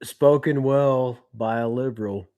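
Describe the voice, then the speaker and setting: A blunt, skeptical man cutting into a stream's casual banter, tripping over repeated words as he pushes his point. His voice sits at a middle pitch. The sound is dry and close, with no room around it. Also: steady tone, measured pace, mellow, no room sound, dull audio.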